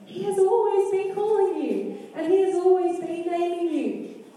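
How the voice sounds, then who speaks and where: Woman preacher, mellow high voice, asks the congregation questions, echoey hall from far off. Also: lively intonation, moderate pace. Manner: acts out quoted lines of scripture. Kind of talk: sermon. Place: church hall.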